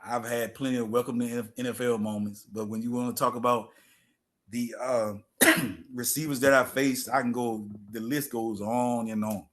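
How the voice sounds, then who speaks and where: A man's voice: mid-range voice, steady tone, moderate pace, fairly bright tone. A middle-aged man, a former football player telling stories as a guest in a casual interview and repeating phrases for emphasis.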